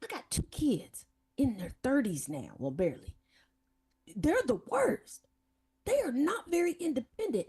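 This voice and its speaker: A woman's voice: high-pitched, measured pace, husky. A woman, probably in her fifties, hosting a casual chat and telling blunt, profane family stories. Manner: profane, blunt, animated storytelling with mocking voices. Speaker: podcast host.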